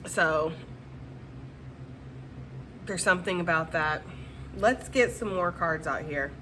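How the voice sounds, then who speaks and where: A woman's voice: fairly low pitch, takes it slowly, sharp tone, slight background noise. A woman giving a casual tarot reading to her viewers, chatty and slangy, often reassuring them and checking in with "okay?". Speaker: tarot reader.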